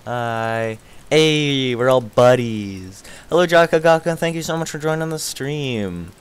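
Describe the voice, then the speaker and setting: An excitable young man talks through a live game stream, chatting with viewers and laughing often. His mid-range voice sounds tired and worn out, and he jumps to yelps and shouts when something startles him. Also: medium pitch, a little slow, clear, resonant tone. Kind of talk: casual live-stream chat.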